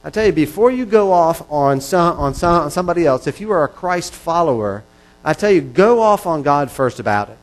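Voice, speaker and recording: A man's voice: fairly high pitch, animated, brisk, rough recording. A man preaching a sermon in an earnest, repetitive style that builds in intensity. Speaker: pastor.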